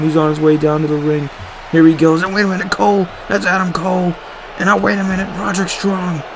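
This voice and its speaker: Man, fan wrestling commentator, excitable, emphatic, noisy recording. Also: on the high side. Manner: excitable, emphatic, casual swearing.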